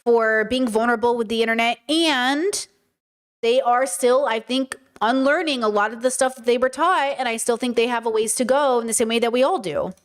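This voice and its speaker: A woman with a bright, high voice streams live commentary, talking straight to her chat. She is emphatic and casual and piles up rhetorical questions. She often lands on the same point twice. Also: moderate pace. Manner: casual, addresses viewers as girlies. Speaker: streamer reacting to videos. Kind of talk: livestream commentary.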